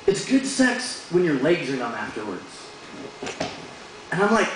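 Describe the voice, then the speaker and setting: A young man with a fairly high voice works through a crude stand-up set, landing his punchlines deadpan. He is picked up from a distance in an echoey bar room, with audible crowd noise and laughter behind him. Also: moderate pace. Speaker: stand-up comedian. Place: bar stage with live audience.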